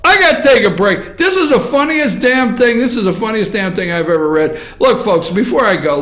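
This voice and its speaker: A man hosting an opinion show, ranting loudly and animatedly about local news and often breaking into laughter. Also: sits high, lively intonation, brisk, few pauses, roomy sound. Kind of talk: excitable political commentary.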